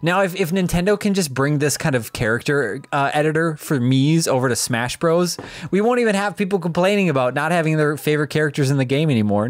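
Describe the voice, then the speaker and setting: A woman presents a video game with casual gameplay commentary, reacting aloud excitably and laughing often. She has a low voice and speaks at normal speed, and the recording is dry.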